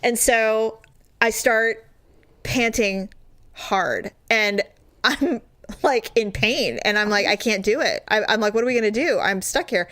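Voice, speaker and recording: Animated storytelling woman podcaster. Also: a little high, a little slow. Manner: animated storytelling with expressive quoted asides and laughs. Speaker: podcast co-host. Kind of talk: casual chat.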